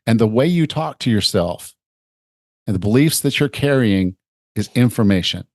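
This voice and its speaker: A man's voice: medium pitch, expressive, normal speed, no echo, studio quality. A middle-aged man hosting a fitness podcast, explaining ideas in a chatty way and acting out little examples. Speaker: podcast host and fitness coach. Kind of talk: conversational interview.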